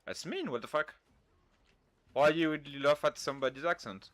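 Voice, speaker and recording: A man's voice: fairly high pitch, normal speed, a bit bright, dry recording. Laid-back French-accented streamer guy. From France. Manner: laid-back, swears freely, self-mocking. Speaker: game streamer. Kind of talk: casual live-stream chat, reading out viewer messages.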